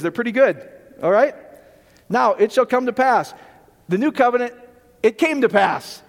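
Male pastor, high voice, animated sermon delivery, reverberant hall. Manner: animated, jokey, rhetorical questions.

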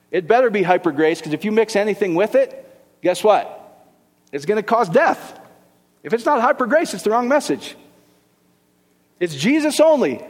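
A middle-aged man preaching with a fairly high voice, his words ringing out in a hall with a long reverb. He jokes and keeps throwing questions back at his congregation. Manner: lively, joking, rhetorical questions to the congregation. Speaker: pastor. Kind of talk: sermon.

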